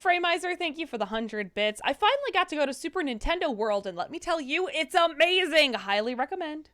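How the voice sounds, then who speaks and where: A woman's voice: high voice, sing-song, brisk, a bit bright. A woman co-hosting a stream, reading viewer questions and thanks aloud and tripping over words now and then. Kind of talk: reading chat messages aloud.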